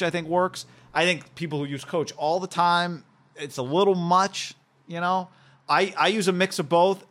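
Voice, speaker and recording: A man's voice: fairly high pitch, fairly bright tone. A man co-hosting a sports podcast, talking things through in a casual, opinionated way with frequent restarts. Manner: opinionated, thinks aloud with restarts. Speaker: sports talk podcast co-host.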